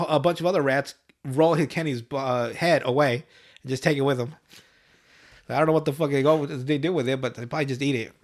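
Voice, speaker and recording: A young man hosting a podcast, casually retelling a cartoon episode with lots of swearing and laughter, jumping into raised voices for the characters' lines. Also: mid-range voice. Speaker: podcast host. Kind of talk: casual podcast recap, profane.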